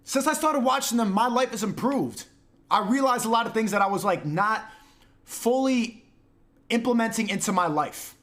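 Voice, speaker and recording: A man with a very high voice rants to his livestream chat. He mocks, swears and bursts into shouting. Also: expressive, moderate pace. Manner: loud mocking, profane, shouting. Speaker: streamer.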